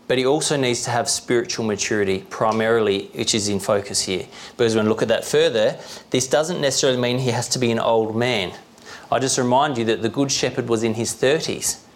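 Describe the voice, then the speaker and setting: A young man preaching a sermon as pastor, explaining plainly in a conversational way, often checking in with the congregation and chuckling now and then. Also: medium pitch. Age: young adult.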